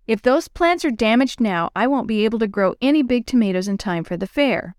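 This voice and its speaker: A woman's voice: a little high, expressive, a little fast, darkish tone, no room sound, clean studio sound, lightly acted. Stern storybook dad, firm and protective, read by a woman. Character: grumpy father, protective gardener.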